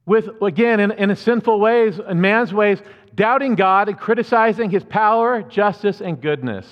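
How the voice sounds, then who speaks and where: A man's voice: high-pitched, moderate pace. A man preaching a sermon as pastor, conversational and earnest, with asides to the congregation. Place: church sanctuary. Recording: muffled church hall reverb.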